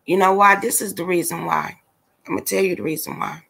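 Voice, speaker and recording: A woman's voice: on the low side, brisk, vocal fry, pushed and bright. Blunt, exasperated woman ranting to viewers. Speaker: livestream commentator. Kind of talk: casual ranting commentary.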